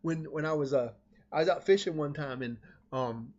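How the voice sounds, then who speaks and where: Man, slightly high voice, rambling and animated anecdote teller, dull lo-fi sound. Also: moderate pace. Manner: rambling, self-interrupting, animated. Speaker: storyteller. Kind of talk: casual anecdote telling. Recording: dull lo-fi recording.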